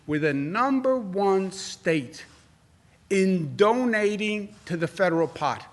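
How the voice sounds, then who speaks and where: A man's voice: high-pitched, lively intonation, slow pace. A man in his sixties with a New York accent answering reporters at a press briefing, combative and repeating phrases for emphasis. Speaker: governor giving press briefing.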